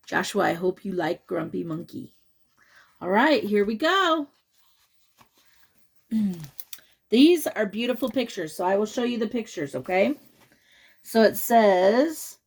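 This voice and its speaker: A woman's voice: medium pitch, expressive, slow pace, vocal fry, long pauses, slightly rough. A woman reading a picture book aloud to children, chatting and asking them questions along the way. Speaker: children's story reader.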